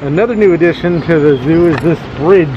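The audio is dull and the background noisy as a man with a fairly high voice casually vlogs his outdoor zoo trip. Speaking a little fast, he jokes around and chats with viewers.

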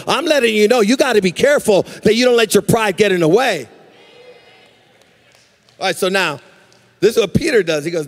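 A man pastor preaching a live sermon in a church, animated, with a sing-song cadence and acted-out quotes. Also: high-pitched, brisk, long pauses, big-room sound. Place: church sanctuary.

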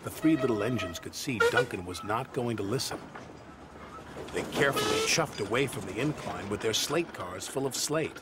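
Lively male children's story narrator. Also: mid-range voice, normal speed, heavy background noise. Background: loud background music.

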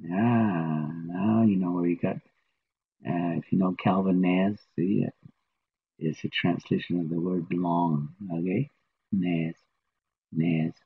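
A man's voice: low-pitched, measured pace, narrow, tinny audio, slight background noise. A man teaching a language lesson, patiently repeating each word many times.

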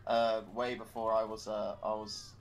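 A man's voice: on the low side, little pitch movement, normal speed, a little hiss or hum. A man chatting casually on a gaming stream, playful and laughing often.

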